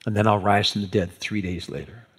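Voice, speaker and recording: A man voicing Jesus as a grave, steady teacher, speaking slowly, low and solemn. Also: breathy edge.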